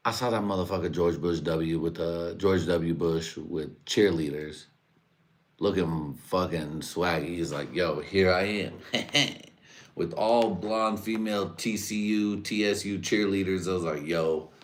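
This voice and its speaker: Very deep-voiced man ranting crudely. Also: measured pace. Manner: rambling, crude, laughs at own jokes. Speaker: livestream host. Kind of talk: casual profane livestream rant.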